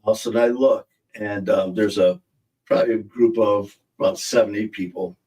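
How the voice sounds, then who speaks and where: On a live stream, a male podcast host chats casually, telling rambling anecdotes and laughing at his own jokes. His voice is fairly low, mellow, and fairly quick, with fairly even intonation. He sounds distant from his streaming setup mic.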